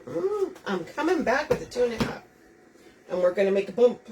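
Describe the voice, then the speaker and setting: Lady doing a live craft demo, chatty, walks you thru each step, bit far off the mic, soft background hum. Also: a little high, very animated, fairly quick. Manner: chatty, talks viewers through each step. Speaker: wreath-making host. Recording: distant mic, faint room noise.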